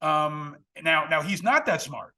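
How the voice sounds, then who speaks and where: Bright, high-voiced man hosting. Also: animated, measured pace. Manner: earnest, emphatic, blunt. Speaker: podcast host. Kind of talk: casual political conversation.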